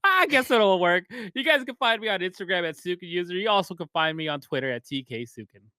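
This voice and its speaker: A man's voice: high voice, lively intonation, quick pace, bright, forceful tone, clean tone, dry recording. Easygoing man with a dry, close sound. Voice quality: easygoing, lots of short agreements. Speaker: podcast co-host. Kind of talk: casual gaming chat.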